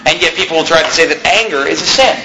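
A man preaching a sermon as the pastor, raising his voice and shouting as he preaches. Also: fairly high pitch, fast, roomy sound, background noise.

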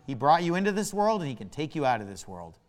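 A man pastor preaching a sermon with emphatic delivery, drawing out key words and swinging sharply between loud and soft. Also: a little high, big pitch swings, fast talker, long reverb tail.

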